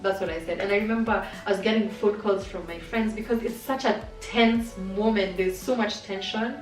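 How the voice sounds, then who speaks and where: A woman's voice: mid-range voice, moderate pace, distant mic. A young adult woman telling a personal story to camera in a candid, chatty way, with many fillers. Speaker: vlogger. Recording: roomy sound from off-mic, faint music.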